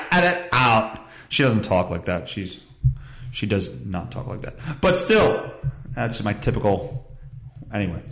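Guy doing a rambly swear-y podcast monologue, bouncy pitch, sarcastic, echoey room. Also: fairly bright tone. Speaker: podcast host. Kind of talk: casual monologue, reading news aloud.

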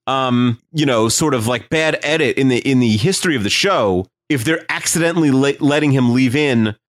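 A man on a podcast thinks out loud about a sitcom, stumbling through restarts and fillers as he builds a theory. His pitch sits in a middle range. The recording is dry with no room sound. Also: moderate pace, no echo. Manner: hesitant, restarts and fillers, speculative. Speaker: podcast co-host. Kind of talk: casual chat analyzing a sitcom.

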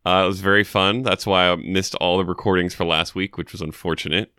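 A man co-hosts a sports podcast with a bright, smooth, fairly low voice. He chats in a laid-back way and laughs easily. The close mic gives a dry sound with no room echo. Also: steady tone, a little fast. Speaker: podcast co-host. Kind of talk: casual sports chat.

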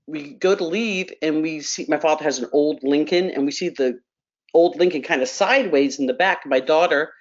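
A middle-aged woman on a radio talk panel telling a family story with animated delivery, repeating words and acting out quotes. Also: low voice, lo-fi sound. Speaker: panel guest.

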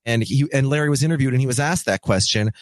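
A man's voice: mid-range voice, fast, no echo. A man chatting casually as a podcast co-host, hesitant, with many fillers and restarts. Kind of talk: casual chat.

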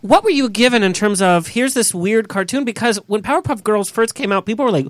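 Lively, joking man hosting a chat. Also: high-pitched, no room sound, studio quality. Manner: enthusiastic and quick to joke. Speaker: podcast host. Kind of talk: casual chat.

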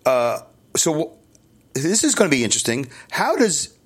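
A man's voice: a little high, wildly swooping pitch, moderate pace, slightly rough. A middle-aged man from Brooklyn, hosting a podcast alone in a loose, candid ramble, chuckling and correcting himself as he goes. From New York City, Brooklyn. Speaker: podcast host. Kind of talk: casual solo podcast monologue.

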